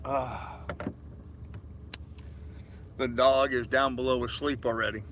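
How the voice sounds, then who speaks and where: A man's voice: medium pitch, steady tone, slow pace, a bit bright, a little hiss or hum. A tired man in his fifties chatting casually on a live stream from his anchored sailboat, rambling easily and answering viewers' comments. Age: 50s. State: tired, yawning. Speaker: sailing vlogger reading live chat.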